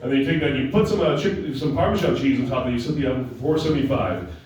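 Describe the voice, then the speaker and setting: A man's voice: medium pitch, quick pace, darkish tone. A young man doing a crude, rambling, self-mocking stand-up set at a comedy show. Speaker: stand-up comic. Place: comedy club stage. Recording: echoey room, far from mic, noisy.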